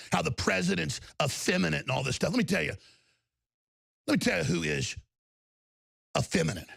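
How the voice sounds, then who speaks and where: Gravelly ranting man, shouting tirade. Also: on the high side, no echo, studio quality. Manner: angry, shouting, insulting tirade. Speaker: talk radio host. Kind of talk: ranting talk show monologue.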